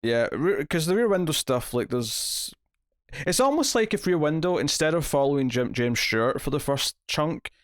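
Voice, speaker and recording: A man's voice: on the high side, expressive, normal speed, no echo. Rambling male podcast host, dry sound. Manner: rambling, self-correcting, laughs often. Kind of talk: casual movie review chat.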